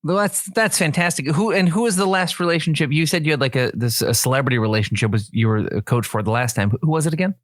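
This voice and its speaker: A man's voice: fairly high pitch, fast, hardly any pauses, no echo, studio quality. Wry mock-serious male podcast host. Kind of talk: casual comedy chat.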